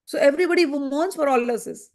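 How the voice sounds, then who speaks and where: A woman's voice: high voice, a little fast, a little mellow. A woman explaining a spiritual text, pressing her listener with repeated rhetorical questions. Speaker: scripture teacher. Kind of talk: spoken commentary on a spiritual text.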